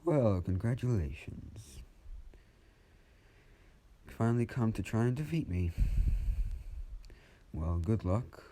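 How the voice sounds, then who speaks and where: A man's voice: on the low side, very animated, slow pace, pauses often, mellow, a little hiss or hum, voice pushed up. A man voicing a menacing young male heir of the underworld in a fan-made spoken story, cold and taunting.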